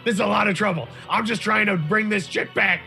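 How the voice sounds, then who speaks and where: A man's voice: high voice, unhurried, creaky, faint music behind, voice pushed up, heavily acted. A man doing a brash, indignant tabaxi cultist impostor. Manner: blustering, shouting, swearing.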